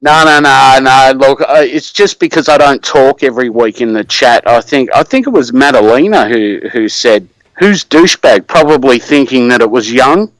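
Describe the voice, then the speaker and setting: A man's voice: medium pitch, animated, normal speed, few pauses, dry recording, rough recording. A man with an Australian accent, calling in to a live show for a casual chat and swearing freely in laid-back slang. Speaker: caller.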